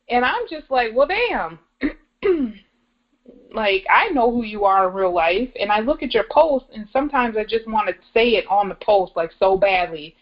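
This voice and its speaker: A woman's voice: on the high side, animated, normal speed. A woman in her thirties, a podcast co-host, talking bluntly in casual chat, cursing and laughing often. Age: 30s. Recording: muffled lo-fi podcast recording.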